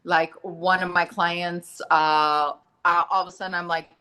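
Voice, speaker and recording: A woman's voice: lowish voice, flat delivery, unhurried, hardly any pauses, sharp tone, smooth. A middle-aged woman, a medium and massage therapist, talking earnestly as a guest and acting out the voices in her stories. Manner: earnest, storytelling, acts out quoted dialogue. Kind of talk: casual talk-show conversation.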